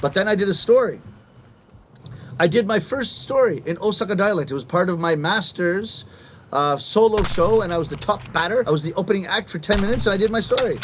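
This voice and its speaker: Animated comedian around fifty, high voice, stage storytelling with acted-out punchlines. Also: male voice, brisk, slight background noise. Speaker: rakugo comedian. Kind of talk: stand-up storytelling to a live audience.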